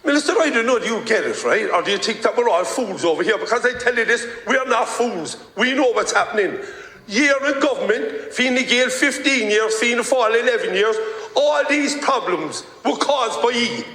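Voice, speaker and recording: A man's voice: extremely high pitch, lively intonation, normal speed, hardly any pauses, sharp tone. A man with a Cork Irish accent delivering a fiery, hectoring speech to a minister in a parliament chamber. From Ireland. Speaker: politician. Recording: echoey hall with long reverb.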